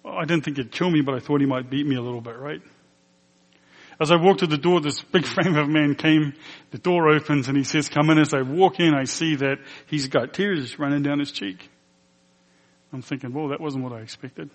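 A man's voice: fairly high pitch, moderate pace. A man who is a pastor telling a personal testimony in a sermon, emotional and earnest, acting out the dialogue as he tells it. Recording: long hall reverb.

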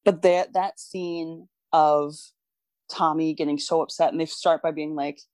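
A woman's voice: low voice, fairly even intonation, measured pace, a little mellow, dry recording. A woman co-hosting a casual podcast, talking enthusiastically about films and laughing often. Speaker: podcast co-host. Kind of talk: casual film discussion.

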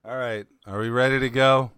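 A man's voice: medium pitch, steady tone, brisk, fairly bright tone, smooth, no echo. A man in his fifties from Pennsylvania hosting a casual podcast chat, jokey and playful, swearing casually. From Pennsylvania, USA. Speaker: podcast host.

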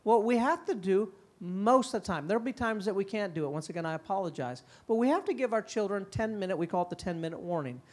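A middle-aged man speaking at a parenting conference, lively and conversational, often slipping into quick impressions of parents and kids. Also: high voice. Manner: animated, acts out parents and kids in quick quoted voices. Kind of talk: conference talk.

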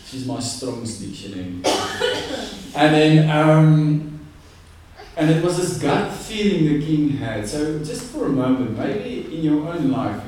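A man preaching a conversational, animated sermon. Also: mid-range voice, slight background noise. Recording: echoey room, distant mic.

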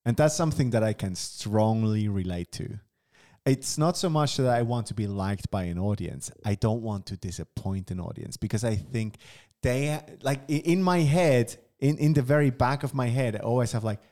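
A man's voice: medium pitch, animated, moderate pace, a little mellow. A man co-hosting a casual podcast chat, thinking aloud in a reflective, self-deprecating way, often restarting his sentences. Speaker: podcast co-host, comedian.

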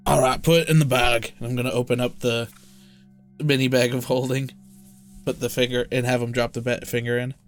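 A man playing a tabletop game, talking in a dry, deadpan way. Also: medium pitch, fairly quick, faint music behind. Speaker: player. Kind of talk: casual tabletop role-play.

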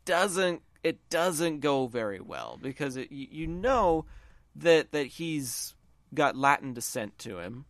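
A man's voice: on the high side, very animated, takes it slowly, no room sound. Southern guy on a podcast gushing about movies, keeps restarting sentences, dry close mic. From American South. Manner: rambling, enthusiastic, restarts phrases. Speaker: podcast co-host. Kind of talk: casual movie chat.

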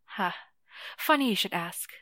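A woman's voice: medium pitch, animated, measured pace, bright, forceful tone, no room sound. A woman voicing a wry, bitter woman who works in a shop, in a dry recording. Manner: wry, casual swearing.

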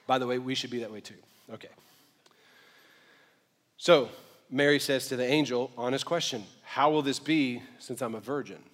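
A male pastor preaching a sermon in a conversational, joking way, dropping to quiet asides and rising to loud emphasis, and slowing down to read scripture. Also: mid-range voice, steady tone. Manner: slows right down when reading scripture aloud. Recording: long reverb of a large hall.

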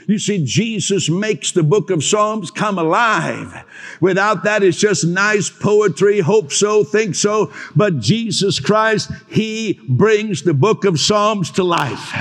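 A man preaching a proclamation sermon, slowing down to stress key phrases and softly acting out what listeners might say. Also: a little high. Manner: proclaiming, slows for emphasis, mimics listeners softly. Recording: hall reverb.

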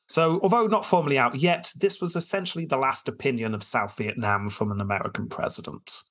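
Husky man narrating history. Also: mid-range voice, a little fast, few pauses, fairly bright tone. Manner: storytelling, quoting sources, dry asides. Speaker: podcast host telling history. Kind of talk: casual history podcast narration.

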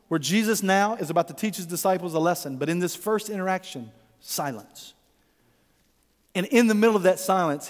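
A male pastor preaching a conversational, animated sermon who acts out the voices in the story. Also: sits high, in a large hall.

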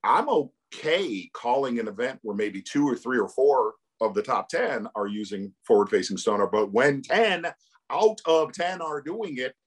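A middle-aged tournament commentator with a mid-range voice tells stories in a casual interview, animated and laughing as he goes.

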